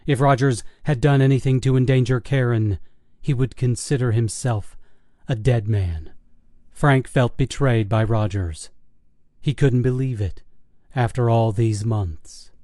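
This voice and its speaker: A man's voice: mid-range voice, dry recording, studio quality. Man narrating a horror audiobook. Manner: steady, measured storytelling.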